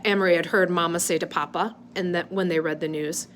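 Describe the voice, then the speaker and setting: A woman's voice: lowish voice, fairly even intonation, a little fast, a little hiss or hum. A woman reading a novel aloud in an unpolished, amateur way, stopping now and then to correct her slips. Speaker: reader.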